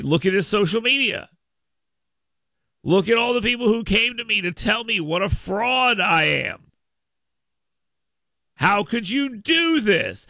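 A man's voice: high-pitched, gravelly, pushed and bright, dry recording, clean studio sound. A man hosting a political talk radio show, ranting sarcastically. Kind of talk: opinionated talk radio monologue.

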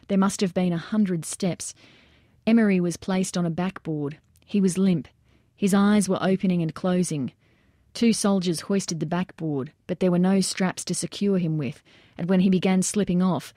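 Woman reading a war story out loud, lowish mellow voice, dry close sound. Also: moderate pace, dry recording. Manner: steady storytelling that acts out shouted quotes. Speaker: narrator. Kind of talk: reading nonfiction narration aloud.

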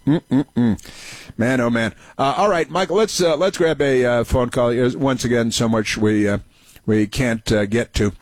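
A man's voice: medium pitch, a little slow, dry recording. A man hosting a political talk radio show, sarcastic and mocking, with many hesitant fillers.

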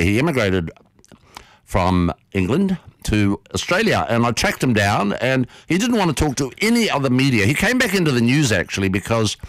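A man hosting a radio show, telling a story in a lively, animated way from a studio. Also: medium pitch, no echo, low-quality recording. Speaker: radio host.

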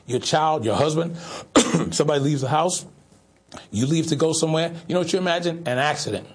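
Man, preacher, sermon, husky voice, rhetorical and repetitive. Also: on the high side, a little fast. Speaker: pastor.

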